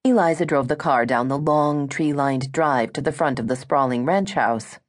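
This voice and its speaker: A woman narrating a romance audiobook in a smooth, measured storytelling manner. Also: rumbling low.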